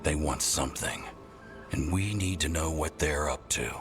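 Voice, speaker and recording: A very deep, stern elf ranger leader. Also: male voice, normal speed, a bit bright, faint music behind. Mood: grim, determined. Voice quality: very deep, commanding. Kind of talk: video game voice acting.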